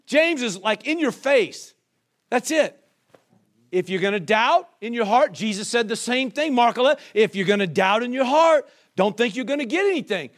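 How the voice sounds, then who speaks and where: A man's voice: extremely high pitch, expressive, normal speed. A man preaching a sermon as pastor, firing off rhetorical questions and calling for the congregation's response. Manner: call-and-response preaching, rhetorical questions, acts out quoted voices.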